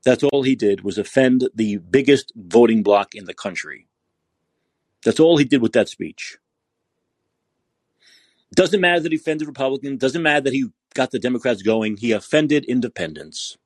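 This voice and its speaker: A man's voice: mid-range voice, animated, moderate pace, no echo. A man hosting a political podcast, ranting in a sarcastic, combative way. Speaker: podcast host.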